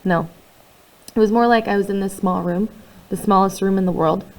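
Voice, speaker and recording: A woman narrating a first-person novel in a quiet, confiding way, with conversational asides to the listener. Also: mid-range voice, fairly even intonation, normal speed, poor audio. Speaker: audiobook reader.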